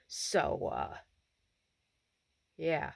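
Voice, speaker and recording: A woman's voice: rumbling low, extremely slow, gravelly, husky, dry recording. Woman vlogger telling a story animatedly. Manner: animated retelling, acts out quotes. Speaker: RV travel vlogger. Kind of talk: storytelling to camera. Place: inside a camper van.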